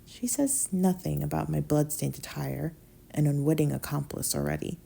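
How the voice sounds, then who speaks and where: A woman narrating a first-person novella as an audiobook reader, in a subdued, quiet delivery that sometimes drops to a whisper. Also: low-pitched, fairly even intonation, normal speed, vocal fry, a little hiss or hum.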